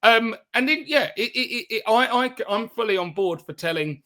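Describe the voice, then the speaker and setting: High, bright-voiced male comedian host. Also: lively intonation, moderate pace. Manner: jokey, swears freely, stumbles and restarts. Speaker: podcast co-host. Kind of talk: casual comedic chat.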